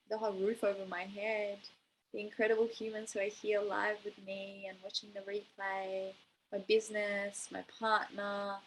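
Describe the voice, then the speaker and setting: A woman's voice: medium pitch, sharp tone, slight background noise, rough recording. A young adult woman coaching a live online masterclass, enthusiastic and encouraging, using spiritual wording. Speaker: manifestation coach.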